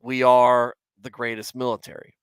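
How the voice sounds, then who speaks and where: A man's voice: medium pitch, little pitch movement, normal speed, smooth, dry recording. A man hosting a casual livestream Bible commentary, rambling with many restarts and stopping to chat with viewers. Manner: chats with live viewers. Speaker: host.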